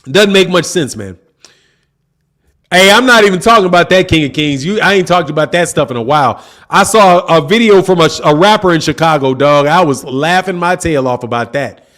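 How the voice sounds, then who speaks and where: Casual male host, higher voice, slangy, laughs a lot, chatty livestream. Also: animated, brisk, a bit bright. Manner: laughs often, slangy, repeats "man". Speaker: boxing channel host. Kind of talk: casual livestream chat reading comments.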